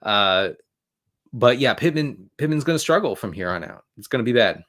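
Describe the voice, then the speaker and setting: Male sports analyst, casual live stream, fast rambling delivery with sarcastic rants, restarts and asides. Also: mid-range voice, animated, a bit bright. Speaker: fantasy football analyst answering viewer questions.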